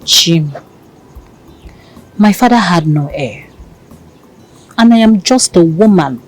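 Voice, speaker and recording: An actress with a Nigerian accent plays a devoted young heiress in a film drama, tenderly reassuring her lover and shifting into pidgin. She uses a full character voice: low-ish, slightly rough, slow, with lively intonation. The recording quality is low.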